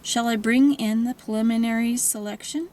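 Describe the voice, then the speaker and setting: A woman's voice: fairly high pitch, steady tone, a little hiss or hum, lightly acted, poor audio. A woman doing a formal French jeweler. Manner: formal, reverent, slow and hushed. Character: older silver-haired male French jeweler, formal. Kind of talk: audiobook character reading.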